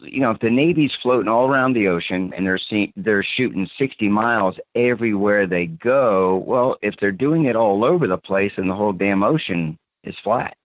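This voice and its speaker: Calling in over a tinny phone line, a central Pennsylvania man chats in a meandering, filler-heavy way. He speaks on the low side at a moderate pace with hardly any pauses, and the recording is dry.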